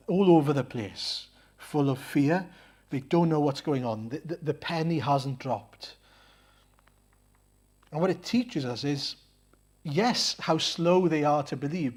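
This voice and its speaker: A man's voice: fairly high pitch, husky. A man preaching a sermon in a church, earnest, asking rhetorical questions and often hesitating and repeating words.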